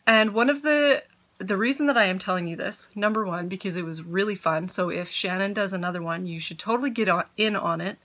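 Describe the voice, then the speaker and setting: A woman's voice: mid-range voice, a little fast, a bit bright. A woman hosting a podcast from home, chatting casually and giggling as she gets sidetracked. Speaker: podcast host. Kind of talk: casual chat.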